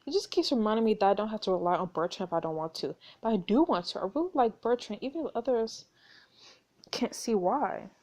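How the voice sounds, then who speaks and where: A woman's voice: mid-range voice, expressive, fairly quick, a little mellow, natural voice. A woman voicing a young noblewoman in a story game, confiding her worries about her fiancé in an earnest way.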